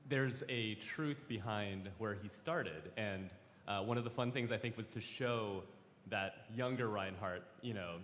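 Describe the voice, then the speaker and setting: A man on a live convention panel, explaining things in a thoughtful, measured way. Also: on the low side, fairly bright tone, a little hiss or hum. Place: large convention hall stage. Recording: reverberant hall with crowd ambience.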